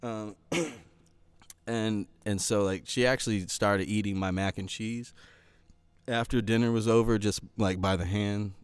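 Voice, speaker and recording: A man chatting casually, telling animated stories with frequent laughs and acted-out quotes. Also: lowish voice, measured pace, clean tone, no room sound. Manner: animated storyteller, laughs often, acts out quotes. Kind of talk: casual chat.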